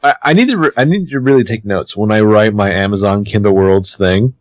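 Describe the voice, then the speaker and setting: Dude co-hosting a tv recap pod, chatty, swears a bit, dry close mic. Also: male voice, lowish voice, brisk, no room sound. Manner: chatty, animated, swears casually. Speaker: podcast co-host recapping a TV episode. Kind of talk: casual chat.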